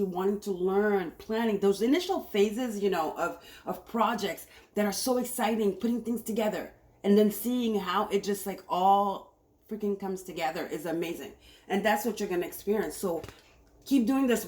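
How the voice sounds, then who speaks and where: A woman's voice: medium pitch, a little mellow. Upbeat woman reading tarot in echoey room. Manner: upbeat, enthusiastic, repeats herself. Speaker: tarot reader. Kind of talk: casual tarot reading to camera. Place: home room, cooking on stove nearby. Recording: echoey room with faint noise.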